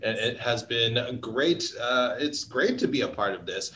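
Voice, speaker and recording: A man's voice: mid-range voice, unhurried, sharp tone. A man co-hosting a podcast in upbeat, playful casual chat, from Canada. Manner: upbeat and playful, eats on mic. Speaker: podcast co-host.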